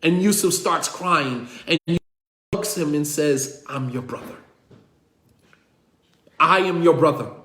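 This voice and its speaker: A man with a high voice tells a religious story as a lecture. He retells the dialogue, drops in Arabic quotes and repeats lines for weight. The room around him is echoey. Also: a little slow, a bit bright, slight background noise. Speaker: religious teacher.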